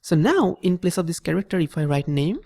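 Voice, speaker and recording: A man's voice: fairly high pitch, sing-song, brisk, gravelly, darkish tone, no room sound. A man teaching programming in a screen-recorded tutorial, patiently repeating each step and checking in with "okay?". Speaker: programming instructor.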